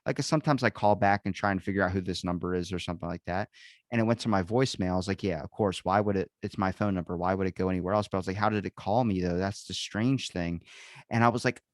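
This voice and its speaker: A man's voice: sits low, fast talker, no echo. A man, a podcast guest, telling stories in casual chat, swearing often and acting out the people he quotes. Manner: animated storyteller, acts out quotes, swears often.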